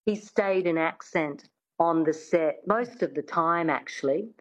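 A woman's voice: low-pitched, a little slow, low-quality recording. A woman working as a coach, chatting in an interview with lots of "I mean" restarts. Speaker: accent coach. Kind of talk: casual interview chat.

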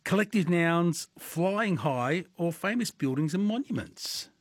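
A man with an Australian accent hosting a morning radio quiz, upbeat and quick to laugh. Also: a little high, expressive, husky, no echo, studio quality. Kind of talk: breakfast radio quiz chat.

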